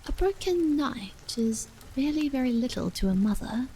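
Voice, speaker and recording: Lady voicing a worried grieving mom, whispered role-play, a bit gravelly, rain faint behind. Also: sits high, lively intonation, normal speed, mellow, a little hiss or hum, low-quality recording. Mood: anxious. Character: anxious middle-aged mother, grieving and stern.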